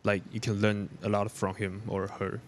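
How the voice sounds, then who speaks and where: A man hosting a podcast who asks halting questions and gives short replies to his guest. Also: fairly low pitch, level tone, a little hiss or hum. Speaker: podcast host. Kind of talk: casual interview chat.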